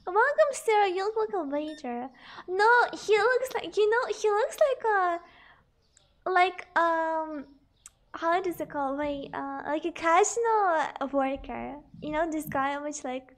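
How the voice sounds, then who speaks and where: A young woman with a very high, light voice chats with her stream viewers as she plays. She talks in an unhurried, drawn-out way, bubbly and giggly, greeting people and counting out numbers aloud. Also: lively intonation. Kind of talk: casual live-stream chat while gaming.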